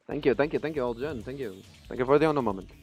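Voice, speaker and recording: A man streaming live gameplay commentary. He is profane and excitable, begging the game and yelling at it. His first language is Spanish. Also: mid-range voice, rapid-fire, music in the background.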